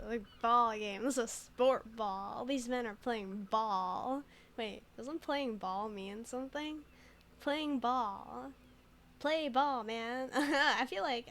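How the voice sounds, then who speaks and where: A woman's voice: a little high, a little slow, fairly bright tone. A woman streamer chatting and giggling while reading game text aloud, in casual gameplay commentary.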